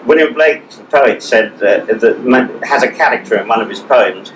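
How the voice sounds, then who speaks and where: A man's voice: medium pitch, normal speed, reverberant, slight background noise, low-quality recording. Polite, hesitant Englishman interviewing. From England. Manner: polite, hesitant, many fillers. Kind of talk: interview conversation.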